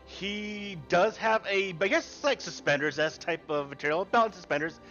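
Man running a tabletop game, high bright voice, halting narration, lo-fi sound, faint music. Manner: relaxed, halting description with fillers. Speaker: game master.

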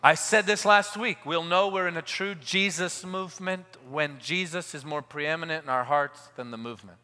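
A man preaching a live church sermon. He moves from quiet asides to loud, emphatic declarations and leads the congregation in call-and-response. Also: fairly high pitch, moderate pace. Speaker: pastor. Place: large church hall at a live service. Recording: long reverb of a large hall.

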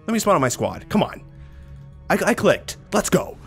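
A young man giving jokey, profane commentary while playing a shooter game, swinging between yells and mutters. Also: high voice, sing-song, moderate pace, soft background music. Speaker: gaming video host. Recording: game gunfire loud under voice. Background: gunfire and battle noise from the game.

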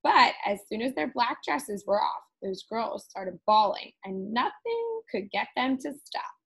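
Expressive woman reading a storybook aloud. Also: on the high side, measured pace, vocal fry, husky, poor audio. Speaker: teacher. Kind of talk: reading a picture book aloud.

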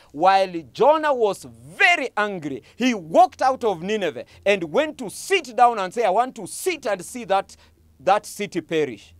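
A man's voice: sits high, no room sound. A man from Kenya with a Kenyan English accent, preaching a sermon emphatically and repeating his key phrases for effect. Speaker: pastor.

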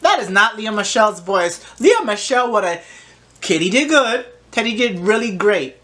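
A woman's voice: mid-range voice, expressive, normal speed, fairly bright tone. Sassy woman talking back at the TV. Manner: sassy, talks back to the screen. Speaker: reaction vlogger. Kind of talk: casual reaction commentary.

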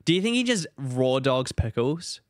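A man streaming a game, rambling in animated casual commentary and talking to his chat. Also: medium pitch, normal speed, noisy background.

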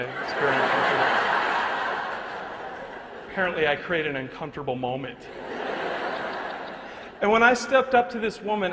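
A man giving a lively, humorous motivational talk, telling a story to a live audience in a large hall. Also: a little high. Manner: animated and humorous, swings between loud punchlines and hushed moments. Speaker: motivational speaker. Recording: long reverb of a large hall, faint noise.

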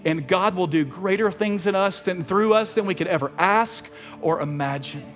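A man preaching from the pulpit with a fairly high, lifted voice. His earnest, heartfelt storytelling carries through a long church reverb, with soft music faintly underneath. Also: normal speed. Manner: earnest, emotional storytelling with repeated phrases. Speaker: pastor. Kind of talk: sermon storytelling. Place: church sanctuary.

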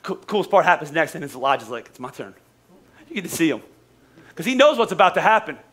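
An American pastor preaching a sermon in an animated, joking way, with quick restarts. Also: male voice, on the high side. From United States. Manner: animated, joking, talks fast with frequent restarts.

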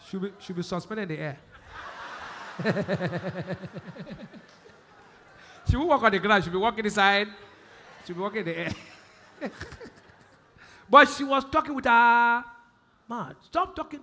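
Male pastor, Nigerian accent, sermon delivery, high bright voice, call-and-response phrasing. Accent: Nigerian English. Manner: call-and-response questions, repeats key phrases, swings from loud emphasis to quiet.

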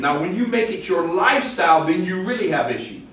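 High-voiced preacher in an echoey church. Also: male voice, big pitch swings, quick pace, few pauses, fairly bright tone. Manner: rising to emphatic exclamations, quoting scripture, call-and-response. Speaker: pastor. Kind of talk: sermon. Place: church sanctuary. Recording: echoey church room from a distance.

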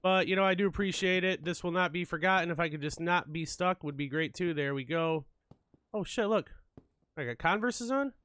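A man's voice: high-pitched, fairly quick, a bit bright, clear, resonant tone, dry recording. A man commentating a horror game as he plays, jumpy and swearing a lot, joking through his fear. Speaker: let's play gamer.

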